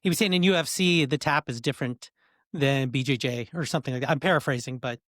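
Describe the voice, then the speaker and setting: A man hosting a podcast in a relaxed way, mostly giving short agreeing replies and joking now and then. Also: mid-range voice, fast talker, no room sound, clean studio sound. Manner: laid-back, brief agreeing replies and joking asides. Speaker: podcast host. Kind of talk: casual podcast conversation.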